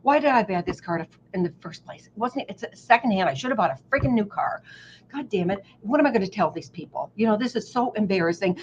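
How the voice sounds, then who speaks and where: An animated woman tells stories on herself with a self-mocking edge, slipping into voices for the people in them. Her pitch sits mid-range. The sound is dull and lo-fi, with a faint hiss underneath. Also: fast. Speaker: guest. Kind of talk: casual storytelling. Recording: dull lo-fi audio with faint noise.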